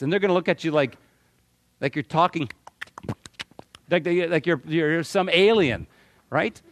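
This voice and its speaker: A middle-aged man from Canada giving a talk to a live audience, animated and joking, often repeating words as he restarts. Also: a little high, unhurried, pauses often, slight background noise. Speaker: motivational speaker.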